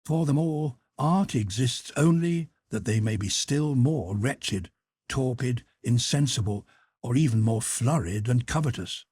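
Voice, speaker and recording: Male audiobook narrator with a husky tone and a dry, close sound. Measured, deliberate essay reading. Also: mid-range voice, animated, darkish tone, dry recording. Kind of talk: scripted narration of a philosophical essay.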